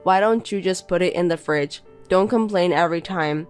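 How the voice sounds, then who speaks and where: A woman's voice: lowish voice, moderate pace, soft background music, lightly acted. A woman voicing a contemptuous young husband who belittles and bosses his wife in a text-message story. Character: scornful insulting young husband.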